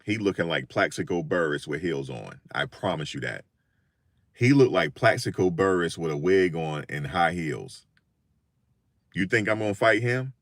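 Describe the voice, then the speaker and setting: An older man telling funny stories in a casual, animated monologue, often repeating himself. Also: extremely low pitch, normal speed, dry recording, clean studio sound. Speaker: vlogger.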